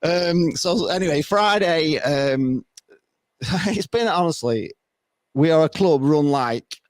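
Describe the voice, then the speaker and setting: A man's voice: on the high side, slow, no room sound. Man, podcast guest, casual football chat, rambling, laughs a lot, dry sound. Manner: rambling, animated, laughs often.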